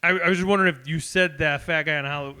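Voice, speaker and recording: High-pitched, giggly male podcast co-host. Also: steady tone, racing, pushed and bright, smooth. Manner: giggly, laughs through his sentences. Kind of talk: casual comedy podcast banter.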